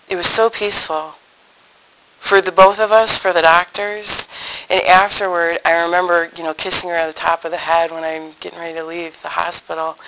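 A woman giving a faith testimony to an audience in an animated storytelling manner, acting out the voices of family members she quotes. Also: on the low side, creaky, low-quality recording. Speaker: speaker sharing a faith testimony. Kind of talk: personal storytelling talk to an audience.

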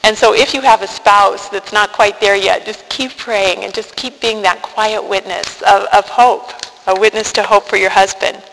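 A woman's voice: mid-range voice, steady tone, normal speed, creaky, fairly bright tone. Earnest woman testifying in a big hall. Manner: earnest and heartfelt, with frequent restarts. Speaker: speaker giving a faith testimony. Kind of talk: personal testimony talk. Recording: reverberant hall with faint noise.

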